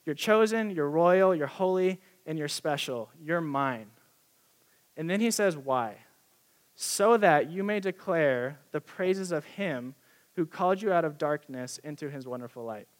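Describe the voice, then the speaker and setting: A young man preaching a sermon in a casual, excited, conversational way, with many fillers. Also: fairly high pitch, measured pace.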